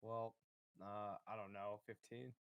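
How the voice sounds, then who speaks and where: A man's voice: on the low side, little pitch movement, a little slow, clean tone, dry recording, highs cut off. Chill guy joking through his turn in a tabletop game, dry close mic. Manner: joking, easygoing. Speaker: player. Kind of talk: casual game chat.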